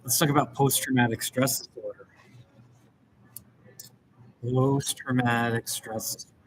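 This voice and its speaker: A man's voice: mid-range voice, fairly even intonation, a little slow, slight background noise, low-quality recording. A middle-aged American man chatting casually on a livestream as a therapist, rambling and restarting his sentences. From United States. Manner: rambling, chatty, with self-interrupting restarts and laughs. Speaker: therapist hosting a live stream. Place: home in a small rural mountain town.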